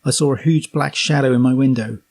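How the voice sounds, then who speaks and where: A man with a Norfolk English accent narrates a memoir in a steady, unhurried read. His voice sits at a middle pitch with a husky, slightly breathy grain. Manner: steady, unhurried reading, occasional slips. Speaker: reader.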